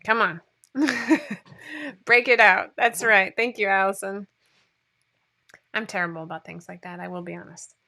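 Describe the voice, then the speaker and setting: A sewing pattern designer runs a casual livestream, chatting and rambling and laughing at herself while reading viewer comments. Her voice sits at medium pitch with a sharp tone.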